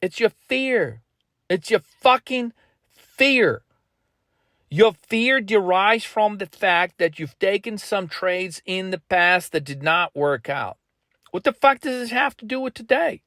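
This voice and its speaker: A man with a high voice delivers a blunt, pushy motivational rant as a trading coach. He swears constantly. The sound is dry and close, with no room echo. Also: animated, unhurried, a bit bright. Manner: blunt, heavily profane, pushy.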